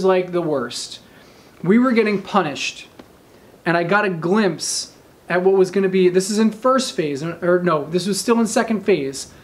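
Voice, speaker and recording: A man in his thirties telling a story in casual talk, animated and often checking in with his listeners. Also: sits high. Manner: animated, addresses listeners with "right?" and "okay?". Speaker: speaker telling a training story.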